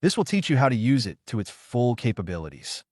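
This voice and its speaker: A man reading a story aloud, voicing a gruff, businesslike older male weapon-shop keeper. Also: medium pitch, big pitch swings, brisk, a little mellow, no room sound, studio quality. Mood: plain.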